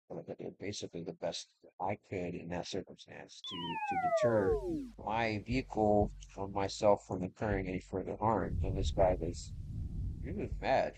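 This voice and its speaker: A man's voice: low voice, a little mellow, slight background noise, poor audio. A young man streaming a game, telling a long aggrieved story in casual, profane, rambling talk. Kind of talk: casual chat while gaming. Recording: game music playing underneath. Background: game music.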